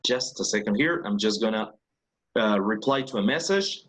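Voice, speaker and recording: A man's voice: lowish voice, expressive, normal speed, fairly bright tone, slight background noise. Patient man teaching an online class. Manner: patient, explains step by step, checks with "¿ok?". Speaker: English teacher. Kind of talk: online class, mixing Spanish and English.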